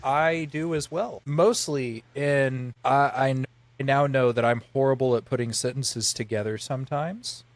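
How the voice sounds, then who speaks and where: A man's voice: medium pitch, moderate pace, dry recording. A man co-hosting a podcast in casual chat, rambling through explanations with lots of filler words. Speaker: podcast co-host.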